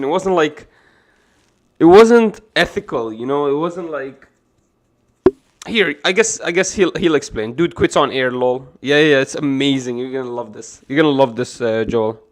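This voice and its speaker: A man streaming a casual video reaction, excitable and profane, talking to his chat. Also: medium pitch. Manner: excitable, profane, laughs hard.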